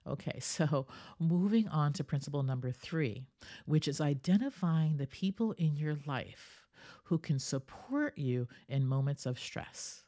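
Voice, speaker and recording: A woman with a deep, mellow voice and lively intonation hosts a solo wellness podcast, speaking a little slowly. She coaches her listeners, frequently asking "right?" and acting out the people she quotes.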